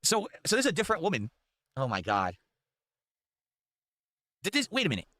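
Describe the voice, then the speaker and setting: A man's voice: on the high side, huge pitch swings, fairly quick, noisy background. A man streaming, reacting to video clips with incredulous, sarcastic commentary and plenty of swearing.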